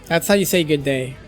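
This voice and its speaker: A livestream host chatting casually and playfully, laughing while fumbling through new pronunciations. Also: medium pitch. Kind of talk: casual live reaction chat.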